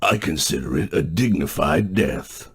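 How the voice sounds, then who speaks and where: A man's voice: sits low, lively intonation, a little slow, breathy edge, exaggerated voice. A man voicing a pensive banjo-playing pig in a game, waxing philosophical in a dry way.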